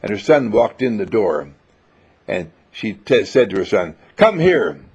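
Gravelly husky guy teaching a spiritual seminar, dull old tape. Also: lowish voice, animated, a little slow, darkish tone. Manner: enthusiastic, repetitive, storytelling. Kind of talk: inspirational spiritual lecture. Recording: dull lo-fi recording.

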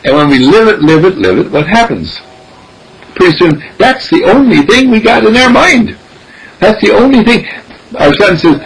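A man giving an animated spiritual teaching, repeating phrases and acting out dialogues. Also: sits high, moderate pace, vocal fry, slight background noise, poor audio. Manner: animated, repetitive, acts out dialogue.

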